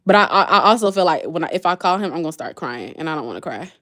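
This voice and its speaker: Chatty woman with lively pitch. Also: very fast. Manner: chatty, reads and answers comments aloud. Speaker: livestream host. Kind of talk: casual livestream chat with viewers.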